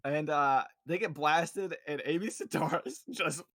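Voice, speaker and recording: A man's voice: a little high, animated, a little slow, bright, forceful tone, slight background noise. A young man co-hosting a casual review podcast, laid-back and slangy, recapping scenes. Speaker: co-host.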